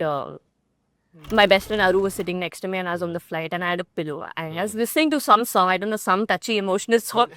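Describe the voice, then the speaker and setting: Fast-talking young Indian woman, candid. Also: medium pitch, a bit bright, clear, resonant tone. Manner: rapid, earnest retelling with quoted dialogue. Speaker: guest cricketer. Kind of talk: candid personal storytelling in an interview.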